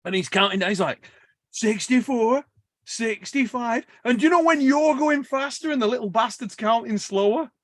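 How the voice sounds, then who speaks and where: A man with a notably high voice tells a long gym story in loose, profane podcast chat. He laughs through his own lines, and the sound is close and dry. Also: brisk, few pauses, no room sound. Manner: animated, swears a lot, laughs while telling stories. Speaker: podcast host.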